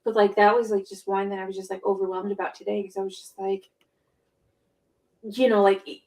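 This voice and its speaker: A woman co-hosting a podcast and chatting casually. Her pitch sits in the middle of her range. She rambles and gets excited, packing her stories with fillers and restarts. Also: fairly quick. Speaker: podcast co-host. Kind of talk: casual chat. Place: home.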